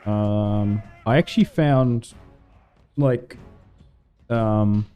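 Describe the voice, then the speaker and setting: A man's voice: lowish voice, very slow, warm tone, faint music behind. A man livestreaming a strategy game, chatting in a rambling way and laughing often. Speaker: gaming livestreamer. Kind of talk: casual chat while streaming a strategy game.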